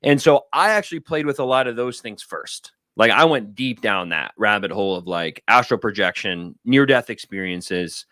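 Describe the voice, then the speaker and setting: A man in his thirties, a guest on a livestream video call, telling stories in an animated, rambling way. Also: on the low side, normal speed, few pauses, dry recording, studio quality. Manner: animated, rambling storytelling with acted-out quotes. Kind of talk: casual talk on a livestream.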